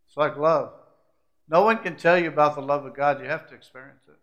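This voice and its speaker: Bright-voiced preacher with swelling, building delivery. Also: male voice, on the high side, a little fast, highs cut off. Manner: swings from hushed, confiding asides to rising, emphatic climaxes; repetitive, building lists of short phrases. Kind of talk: sermon.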